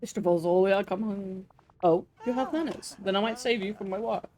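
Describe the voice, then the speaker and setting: A woman's voice: mid-range voice, fairly quick, dark tone. A woman streaming a game, chatting crudely and laughing often. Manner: crude, giggly banter with frequent laughs. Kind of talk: casual chat while gaming.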